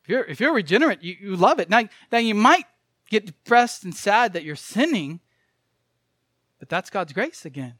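A male preacher with a high voice delivers a sermon earnestly, pressing each point and repeating key phrases. The sound is dry and close, with no room echo. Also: animated, moderate pace, fairly bright tone.

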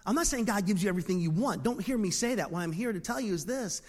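A man in his fifties from Philadelphia preaching a sermon as pastor, dropping to near-whispers and then rising to loud exclamations. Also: high-pitched, expressive, quick pace, hardly any pauses. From Philadelphia, USA. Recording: long reverb of a large hall.

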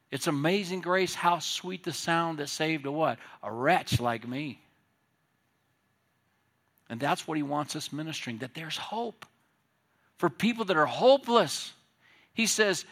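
A man preaching with a fairly high, bright, forceful voice. He delivers his sermon with passion, swinging between loud, emphatic peaks and soft, hushed asides. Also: animated, normal speed. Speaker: pastor.

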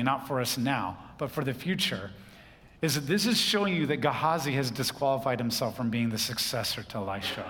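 A man's voice: mid-range voice, a bit bright, in a large hall. A man preaching a sermon, teaching through a Bible passage in a conversational way with humorous asides.

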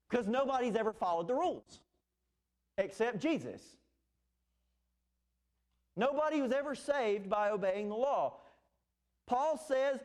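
A man's voice: high-pitched, very animated, slow pace, pauses often, darkish tone. A man preaching an expository sermon, earnest and emphatic, with fillers and restarts. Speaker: pastor.

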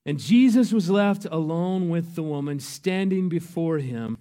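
A man preaching a sermon, earnest and emphatic, his voice rising to loud peaks. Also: fairly high pitch, lively intonation, measured pace. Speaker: pastor.

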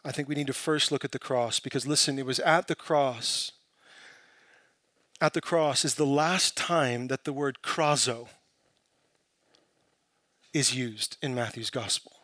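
A man preaching a sermon, building from quiet, searching questions to impassioned, emphatic peaks. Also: medium pitch, unhurried, pauses often, dry recording. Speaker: pastor.

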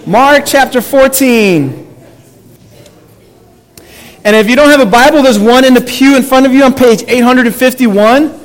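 A man pastor preaching a sermon in a church, reading scripture slowly and sinking to a hushed, low delivery on the weighty lines. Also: steady tone. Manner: invites the congregation to read aloud with him. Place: church sanctuary.

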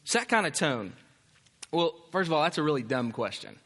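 A man preaching in church with an emphatic, conversational delivery and a high, bright voice. A long reverb from the church hall carries behind him. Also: big pitch swings, brisk. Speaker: pastor. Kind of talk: sermon.

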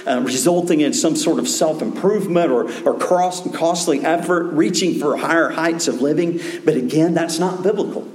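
A man preaching a sermon as pastor, earnest, dropping to a hush and then rising to emphatic calls. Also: on the high side, roomy sound.

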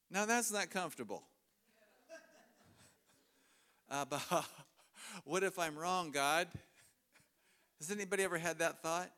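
A man's voice: sits high, animated, measured pace, pauses often, bright, forceful tone. A middle-aged man preaching a sermon in a church, telling a story with humor and frequent chuckles.

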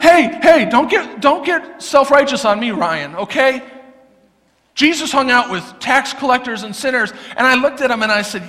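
High bright-voiced preacher guy, animated sermon, echoey church hall. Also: normal speed. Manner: animated, conversational preaching with acted-out quotes. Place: church sanctuary.

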